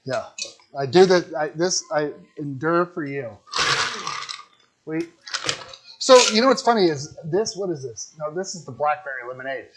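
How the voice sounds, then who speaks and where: A man with a fairly high, lively voice speaks at a moderate pace with long pauses, captured in a rough recording. He's a podcast co-host chatting casually while cooking in his home kitchen, a joking storyteller who laughs a lot.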